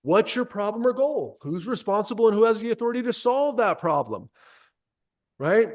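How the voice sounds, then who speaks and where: A high-pitched man coaching salespeople with punchy, emphatic energy. He speaks straight to the group and drives his points home. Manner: energetic, emphatic, direct address. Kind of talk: coaching session.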